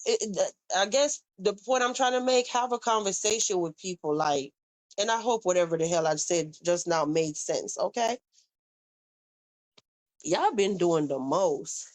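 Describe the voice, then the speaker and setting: A woman's voice: on the low side, unhurried. A woman with a Southern US accent hosting a casual live stream, talking bluntly and with plenty of swearing as she speaks straight to her chat. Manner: blunt, profane, addresses chat directly. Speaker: livestream host.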